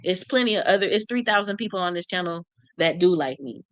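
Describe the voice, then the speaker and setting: A woman's voice: lowish voice, animated, fast, a bit bright, dry recording. Brash, profane woman on a livestream. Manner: blunt, profane, brash, talks back to commenters. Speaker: channel host reading live comments. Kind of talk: casual livestream chat.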